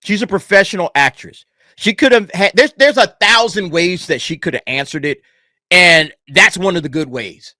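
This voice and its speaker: A man's voice: sits high, animated, moderate pace, sharp tone, no echo, clean studio sound. A man hosting a casual reaction commentary, talking animatedly and profanely back at a clip. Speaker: commentary channel host.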